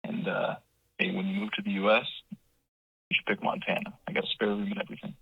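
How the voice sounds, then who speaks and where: Brief: low, flat, gravelly man caller, very raspy, on a muffled lo-fi voicemail. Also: quick pace, no room sound. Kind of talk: casual voicemail.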